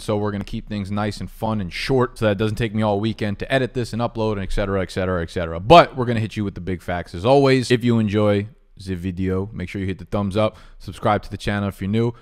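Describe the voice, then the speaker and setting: A man hosting a fantasy football video, talking casually and playfully, swinging between loud bursts and low asides, with frequent swearing.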